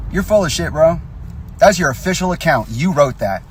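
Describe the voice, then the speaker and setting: A man's voice: a little high, expressive, moderate pace, slight background noise. A young man in an angry, profane direct-to-camera rant, confronting and accusing the people he addresses. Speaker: vlogger.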